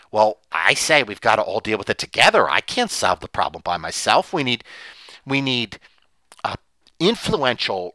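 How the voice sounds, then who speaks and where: A man's voice: medium pitch, bright, forceful tone, no echo, rough recording. A man delivering an impassioned solo monologue as a commentator, emphatic and sarcastic, often repeating himself.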